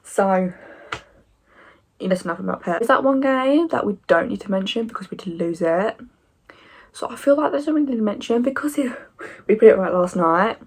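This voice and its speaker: A woman in her twenties talking casually to camera as a football fan vlogger, animated and opinionated with sarcastic asides. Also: medium pitch, moderate pace, pauses often, slightly rough.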